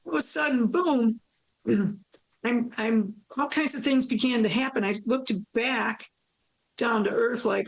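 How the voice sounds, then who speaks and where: Gravelly-voiced woman telling her story. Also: on the high side, unhurried, poor audio. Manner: acts out her own thoughts in quotes, laughs often. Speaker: interview guest recounting a near-death experience. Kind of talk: animated personal storytelling.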